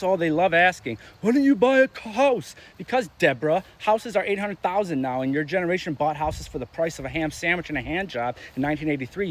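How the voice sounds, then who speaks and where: Sarcastic young man in a crude rant. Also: on the high side. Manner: animated with sudden loud spikes. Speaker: ranting commentator. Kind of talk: comedic rant monologue.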